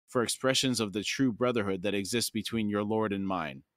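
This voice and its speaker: A man's voice: fairly low pitch, fairly quick, no echo, voice pushed down, lightly acted. A man reading as a sneering inhuman herald. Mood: contemptuous. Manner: contemptuous, cold. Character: sneering inhuman male herald of the death god.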